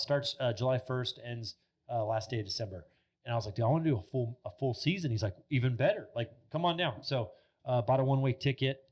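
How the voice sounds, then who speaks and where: Rambling man in his thirties, casual storyteller. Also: mid-range voice. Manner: animated, rambling, heavy filler words, swears freely. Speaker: podcast guest. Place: podcast studio.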